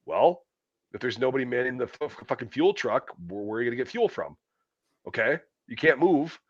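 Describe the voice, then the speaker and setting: A man's voice: mid-range voice, expressive, brisk, no room sound. Crude, blunt man telling army stories. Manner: profane, blunt storytelling. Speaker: podcast host. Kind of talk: casual chat. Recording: dull, lo-fi dry recording.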